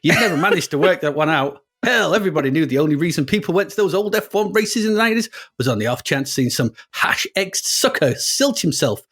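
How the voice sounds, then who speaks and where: A man's voice: a little high, expressive, fairly quick, hardly any pauses, a bit bright. A man putting on a cynical American race driver. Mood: swaggering. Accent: put-on American. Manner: drawling, slangy, sneering. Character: boastful washed-up male race driver, gruff and cynical. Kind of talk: reading a story aloud in character.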